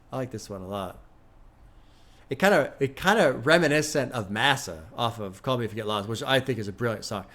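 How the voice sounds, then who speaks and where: A man's voice: mid-range voice, a bit bright. A man streaming his music reactions, talking casually and candidly with some swearing and short rants, and mentioning his son. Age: adult with a son. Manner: candid, profane, chatty, breaks into brief rants. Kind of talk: casual live-stream commentary.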